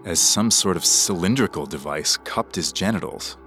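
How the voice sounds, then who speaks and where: A man with a very low voice tells a true story in scripted podcast narration. His delivery is measured and dramatic. Soft music plays faintly underneath.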